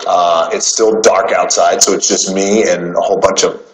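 A man and interview guest, telling personal stories in a measured, unhurried way with pauses. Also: low voice, flat delivery, a little hiss or hum. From United States. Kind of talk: casual storytelling. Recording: roomy with faint music behind.

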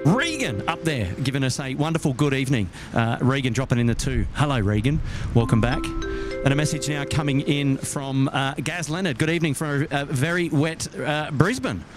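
Australian man hosting, halting and cheery. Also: mid-range voice, lively intonation, over music. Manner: hesitant, full of "uh" fillers, cheery thanks. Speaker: livestream host. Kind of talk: live-stream chat, reading viewer messages. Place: outdoors at an airport at night, windy. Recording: outdoor noise, wind and traffic.

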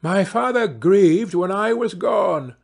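A man's voice: high-pitched, expressive, takes it slowly, vocal fry, husky, voice pushed up, full character voice. A man voicing a murdered little boy reborn as a bird, chanting his song in a sing-song way.

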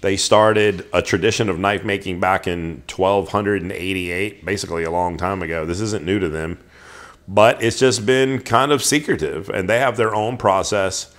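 A man hosting a show, giving a casual, chatty product review full of ums and restarts. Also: fairly low pitch. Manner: chatty, filler-heavy, restarts sentences.

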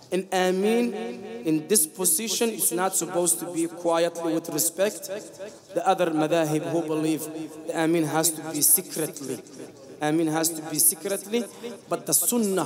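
A man giving a short talk as imam, correcting the congregation emphatically and repeating his points. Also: on the high side. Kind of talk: sermon. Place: mosque prayer hall with congregation. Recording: crowd heard in mosque hall.

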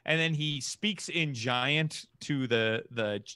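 A man's voice: medium pitch, takes it slowly, sharp tone, clear, resonant tone, no echo. A man running a tabletop game as game master, narrating the action casually with many fillers.

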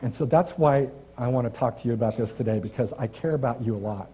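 Husky, dark-voiced male preacher. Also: medium pitch, quick pace. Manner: chatty, self-deprecating, restarts often. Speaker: guest preacher. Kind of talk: informal church sermon. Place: church sanctuary.

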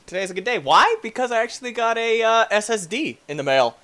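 Goofy male let's-play host, high and bouncy, bright tone, yells at the game a lot. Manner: excitable, goofy, quick to laugh and yell at the game. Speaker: gaming YouTuber.

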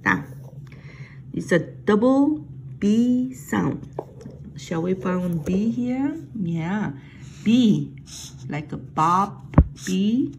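A middle-aged woman with a Korean accent leads a Korean alphabet lesson, speaking very slowly and with patience. Her voice carries a gravelly edge. A faint noise hums under the recording. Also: mid-range voice, darkish tone, rough recording. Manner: patient, repeats sounds slowly and stresses them. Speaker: language teacher.

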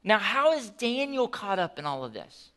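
A man preaching a sermon as pastor, telling the story in an animated, conversational way with asides. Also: sits high, moderate pace.

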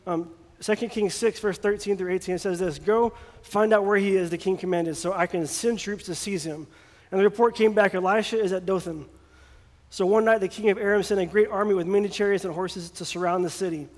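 A man's voice: high-pitched, steady tone, fairly quick. A man preaching a sermon in a casual, joking way, sometimes acting out voices, recorded in a church. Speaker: pastor. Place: church sanctuary. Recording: long hall reverb.

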